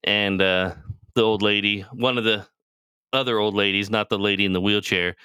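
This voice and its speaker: Bright, smooth-voiced man rambling casually. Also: fairly low pitch, steady tone, normal speed, no room sound, studio quality. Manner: rambling, profane, acts out characters' lines. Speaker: podcast co-host. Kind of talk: casual chat, retelling a TV show.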